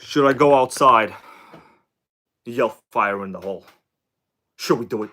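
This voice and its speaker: A man hosting a casual live stream, chatting excitedly with viewers and reading their comments aloud. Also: medium pitch, a little slow, pauses often, background noise. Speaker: RC car livestream host.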